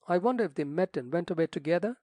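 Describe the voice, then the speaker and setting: A man voicing an impatient young squire who speaks brisk and direct. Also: sits high, animated, warm tone, no echo. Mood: eager. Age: young adult.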